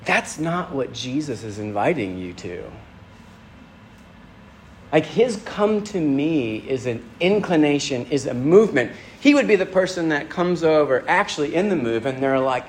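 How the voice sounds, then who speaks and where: Guy pastor preaching casual-like, lots of restarts, slightly high voice, faint hiss behind. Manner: conversational, many fillers and restarts, acts out quotes. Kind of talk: sermon.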